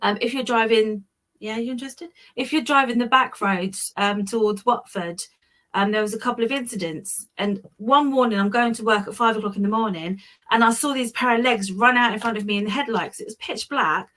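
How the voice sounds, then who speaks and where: A woman's voice: fairly high pitch, brisk, a bit bright. A woman from Hemel Hempstead with a Southern English accent, a guest telling stories in a chatty, self-deprecating way. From Hemel Hempstead, England. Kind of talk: casual storytelling chat.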